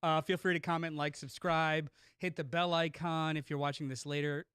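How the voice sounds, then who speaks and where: A man's voice: a little high, little pitch movement, normal speed, fairly bright tone, clear, resonant tone, no echo, clean studio sound. A man co-hosting a live pop culture podcast, teasing his co-hosts and asking playful mock questions. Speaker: podcast co-host. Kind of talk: casual podcast banter. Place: podcast studio.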